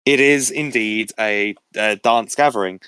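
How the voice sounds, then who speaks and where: A man's voice: lowish voice, unhurried, pushed and bright, clean tone, dry recording. A young man hosting a casual quiz, reading out questions and options with frequent laughs. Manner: reads questions and options aloud, laughs often. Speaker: quiz host.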